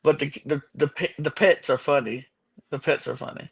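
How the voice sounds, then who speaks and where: A woman's voice: low-pitched, normal speed, gravelly, slightly rough. A woman co-hosting a podcast in casual recap chat, animatedly acting out quotes from the show. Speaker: podcast co-host.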